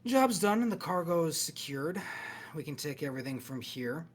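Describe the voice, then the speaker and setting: A man's voice: a little high, sing-song, normal speed. A man voicing a slick-haired corporate man overseeing a cargo handoff in a cyberpunk tabletop game, cool and businesslike.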